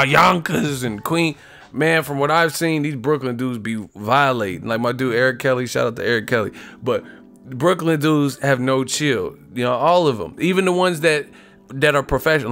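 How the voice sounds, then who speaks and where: A man's voice: medium pitch, brisk, fairly bright tone, faint music behind. A young man hosting a boxing livestream, rambling and joking in casual, profane chat.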